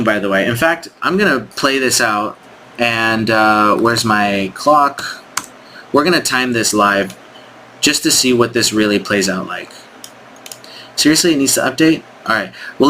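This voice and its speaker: A man's voice: medium pitch, animated, moderate pace, bright, forceful tone, slight background noise. A man coaching on sales in a casual screen-share walkthrough, thinking aloud with frequent restarts and frank critique. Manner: frank, critiques scripts directly.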